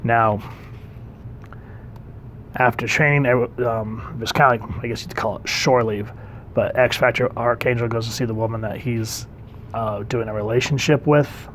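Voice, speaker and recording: A man's voice: medium pitch, fairly even intonation, moderate pace, slight background noise. A man casually reviewing a comic book, conversational and enthusiastic, with frequent ums. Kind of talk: casual commentary.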